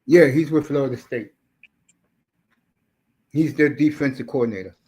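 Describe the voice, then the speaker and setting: A man with a husky voice chimes in during casual podcast chat with short replies. He keeps to brief, easy agreement. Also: mid-range voice, normal speed, darkish tone. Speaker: podcast co-host.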